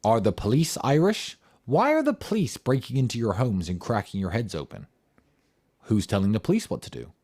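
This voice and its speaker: A man's voice: mid-range voice, sing-song, brisk, darkish tone. A man giving an impassioned, combative monologue in answer to audience questions, firing off rhetorical questions and swearing for emphasis.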